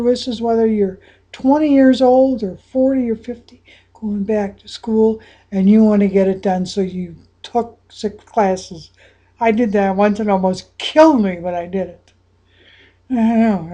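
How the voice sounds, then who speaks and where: Slow, breathy woman guiding a visualization. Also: mid-range voice. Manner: slow and breathy, dropping to whispers, then rising to excited exclamations. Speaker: anxiety coach guiding a visualization. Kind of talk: guided visualization exercise.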